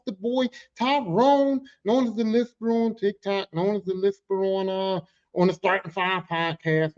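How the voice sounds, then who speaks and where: A man hosting his own podcast in a casual, animated monologue, joking and swearing freely as he tells stories about his work. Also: high-pitched, muffled recording. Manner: animated, profane, joking storyteller. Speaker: podcast host. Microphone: podcast microphone.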